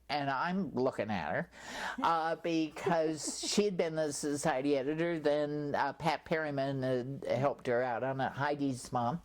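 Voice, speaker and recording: An older woman with a notably low voice recounts her past in an oral history interview. She tells it as a chatty storyteller, full of lively asides. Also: slow. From California, USA.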